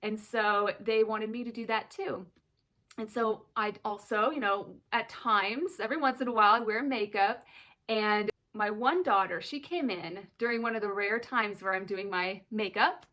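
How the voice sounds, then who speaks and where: A woman's voice: medium pitch, moderate pace, bright, forceful tone. Earnest, emotional young mother. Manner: earnest and emotional, close to tears at times. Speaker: mother of twin daughters sharing her story. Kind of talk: personal vlog, candid storytelling.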